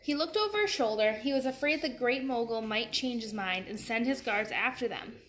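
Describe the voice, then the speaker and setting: A woman reads a children's chapter book aloud, friendly and expressive. Her voice is bright, set a little higher than usual. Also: moderate pace. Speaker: storybook reader.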